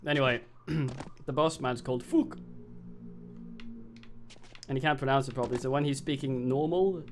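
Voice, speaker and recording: A man's voice: medium pitch, normal speed, slight background noise. A man streaming a video game, rambling and joking with lots of swearing as he plays. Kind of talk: casual gameplay commentary.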